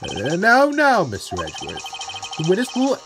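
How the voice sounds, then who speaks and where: A man's voice: high voice, wildly swooping pitch, normal speed, voice pushed up, heavily acted. A man voicing a stern older male judge who speaks formally. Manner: formal, commanding. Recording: music playing behind.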